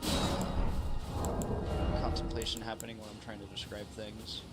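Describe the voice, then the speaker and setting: A man's voice: fairly low pitch, little pitch movement, normal speed, loud music behind the voice. A man streaming a game, chatting casually in a rambling, laid-back way and correcting himself as he goes. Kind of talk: casual gaming stream chat.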